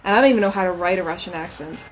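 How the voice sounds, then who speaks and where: A woman's voice: fairly low pitch, racing, slight background noise, low-quality recording. Chatty woman thinking aloud on a livestream. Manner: chatty and rambling, reads names aloud while musing. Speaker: romance novelist livestreaming. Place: at home.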